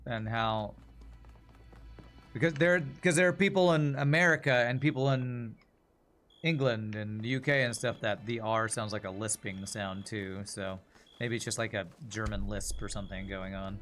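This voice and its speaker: A man's voice: fairly low pitch, unhurried, long pauses, fairly bright tone, faint music behind. A man streaming a video game, talking casually and musing aloud in a rambling way. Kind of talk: casual gameplay commentary.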